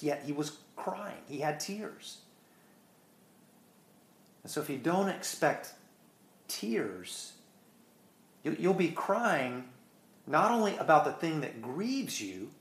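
A man preaching a sermon in an earnest way. He repeats words and slows down for emphasis. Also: fairly high pitch, roomy sound.

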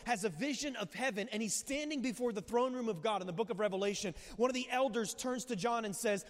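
A male pastor delivers a sermon with animated storytelling, peppering it with rhetorical questions and quick asides. His voice sits high for a man, and it rings out with a long reverb in a church hall.

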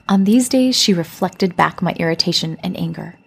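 A woman hosting a parenting podcast, telling a story and explaining in a calm, reflective scripted way. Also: fairly low pitch, moderate pace, creaky, breathy edge. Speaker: podcast host.

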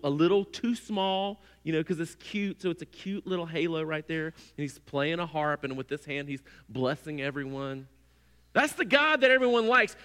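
A man preaching a sermon, telling the story with animated, humorous energy. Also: fairly high pitch, long reverb tail.

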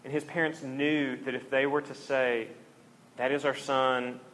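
A man's voice: mid-range voice, level tone, a little slow, a bit bright, a little hiss or hum. A man preaching a conversational, earnest sermon to a congregation, briefly acting out the people in the story.

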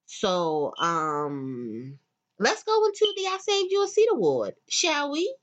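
Profane, animated middle-aged woman ranting. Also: medium pitch, takes it slowly, dull audio. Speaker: podcast host. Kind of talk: casual opinionated monologue.

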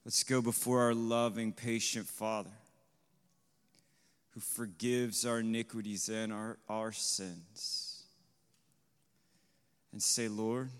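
A man preaching a sermon to a congregation. He asks the listeners questions, tags on "right?", and swells to loud, emphatic peaks. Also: fairly low pitch, steady tone, slow, pauses often, clear, resonant tone, in a large hall. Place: congregation hall.

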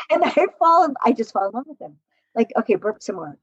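A woman relationship coach telling stories in an animated way, laughing often and acting out quotes in a podcast conversation. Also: on the high side, quick pace, husky, dry recording, dull audio.

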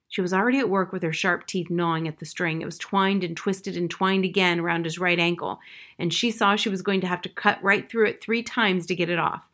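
Female reader for a children's audiobook, steady, measured narration. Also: lowish voice. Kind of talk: reading a children's novel aloud.

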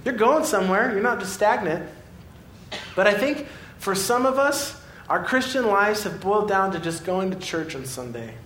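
A man preaching a sermon as a pastor, telling a story with animated swings between excitement and quiet earnestness. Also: normal speed. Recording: echoey room with faint rumble.

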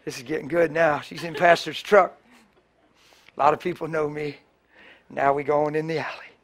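An impassioned male pastor preaching with a fairly high voice. He swings from loud, driving bursts to hushed, close storytelling. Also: flat delivery, normal speed, pauses often. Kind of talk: sermon.

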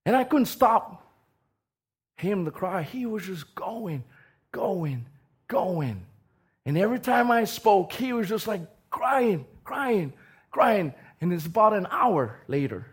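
A man delivers a sermon woven with personal stories. His voice sits a little high, and he swings between loud, emphatic bursts and quiet asides, often repeating words as he goes. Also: sing-song, slow, husky. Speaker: preacher.

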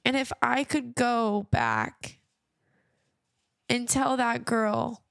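A woman's voice: a little high, very animated, very slow, gravelly, a bit bright, clean tone, no room sound, clean studio sound. A young adult woman hosting her podcast, speaking earnestly and reassuringly about faith, often repeating phrases. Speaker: podcast host. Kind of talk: personal faith talk to listeners.

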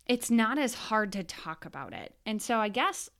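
A woman's voice: a little high, very animated, moderate pace, fairly bright tone. A woman in her thirties hosting a podcast as a mother, talking frankly and casually in a rambling monologue with self-corrections.

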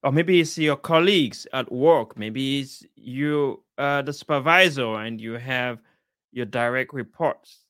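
A man delivers an inspirational talk in an unhurried, deliberate way, his pitch sitting in the ordinary middle range. The recording is dry and close, with no room sound. He speaks earnestly and encouragingly, repeating key points for weight. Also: fairly bright tone, no room sound. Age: adult, father of a young child. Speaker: speaker sharing life advice.

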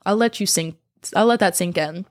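A woman's voice: on the low side, normal speed. A woman in her twenties talking straight to camera in a casual vlog, blunt and profane, going from hesitant to heated. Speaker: vlogger. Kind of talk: casual vlog talk reacting to comments.

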